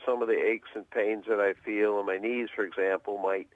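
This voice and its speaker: A man's voice: fairly low pitch, fairly even intonation, fairly quick, dry recording. A middle-aged man calling a radio advice show, speaking hesitantly and thoughtfully. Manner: hesitant, thoughtful, many fillers and restarts. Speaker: caller. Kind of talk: phone call to a radio show. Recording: tinny dry phone line.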